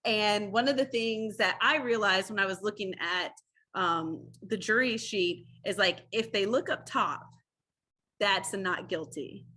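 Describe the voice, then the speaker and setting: A woman guest on a podcast interview, a former public defender, telling stories in a lively, animated way and acting out quoted lines. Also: medium pitch, measured pace, breathy edge. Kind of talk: casual interview storytelling.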